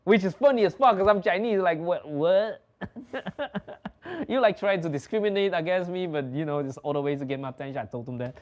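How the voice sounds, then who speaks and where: A man's voice: high voice, normal speed. A young man from the Netherlands, hosting a casual chat and telling stories in a loose, swearing, laughing way. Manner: animated, swearing, laughing storyteller. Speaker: host.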